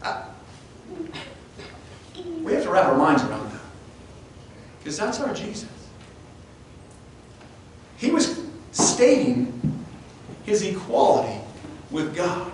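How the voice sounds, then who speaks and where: A man's voice: a little high, sing-song, measured pace, pauses often. A man preaching a sermon as pastor, earnest, often restarting and stumbling over his words. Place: church sanctuary. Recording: echoey church room, distant mic, faint noise.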